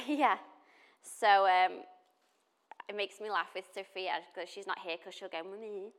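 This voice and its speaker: A woman's voice: mid-range voice, unhurried. A woman, preaching in a chatty, storytelling way with frequent laughter. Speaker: pastor. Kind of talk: casual sermon.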